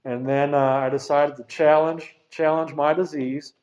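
A man's voice: a little high, little pitch movement, unhurried, darkish tone. A middle-aged man telling his own recovery story at a meeting, in a rambling, frank way with casual swearing. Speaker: speaker sharing a recovery story. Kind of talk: personal testimony at a recovery meeting. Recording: dull lo-fi recording.

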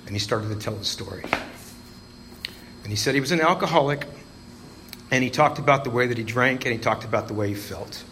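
A man's voice: mid-range voice, fairly bright tone, slight background noise, rough recording. A man speaking to a live meeting, telling his own recovery story with wry, self-mocking, darkly joking storytelling. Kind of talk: personal recovery story told to a live audience. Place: meeting hall with an audience.

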